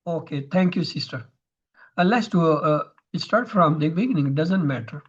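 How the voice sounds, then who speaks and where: A man's voice: fairly high pitch, expressive, normal speed, husky, highs cut off. A man teaching Arabic grammar in an online lesson, explaining terms step by step over a video call.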